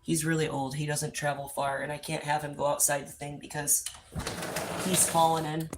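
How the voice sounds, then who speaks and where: Heavy background noise surrounds a woman livestreaming casually by an outdoor pool, where she swears freely and urges her dogs along. She's the host, with a deep voice that barely moves in pitch, speaking at a moderate pace.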